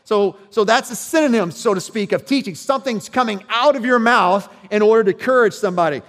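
A man's voice: high voice, brisk, a bit bright, long reverb tail. A man preaching a sermon as pastor, talking conversationally and checking in with his listeners.

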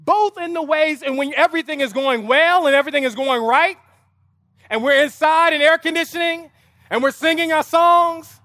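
At an outdoor lawn service, a pastor preaches in a very high, sharp-toned voice at a moderate pace. He tells a family story vividly, and his impassioned sermon builds to emphatic rhetorical appeals repeated over and over. There's no echo, with studio-quality sound.

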